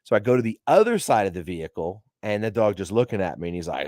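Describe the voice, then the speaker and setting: Podcast host, male with a lowish voice, loose rambling delivery, swears freely, dry close-miked sound. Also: big pitch swings, fast, darkish tone, no room sound. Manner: rambling, profane, laughing as he talks. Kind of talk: casual storytelling to a live audience.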